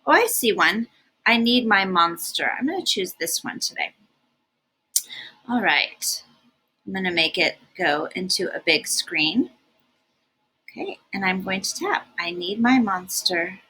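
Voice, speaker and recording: Slow, bright, breathy woman reading a storybook aloud with lively expression. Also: mid-range voice, rough recording. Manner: animated and expressive. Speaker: storybook reader. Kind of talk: reading a picture book aloud.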